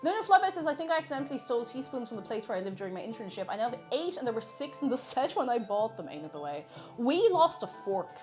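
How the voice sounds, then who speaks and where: Lively chatty Irish woman streamer. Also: a little high, fast talker, soft background music. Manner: chatty, reads chat aloud, laughs often. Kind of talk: casual live-stream chat while baking.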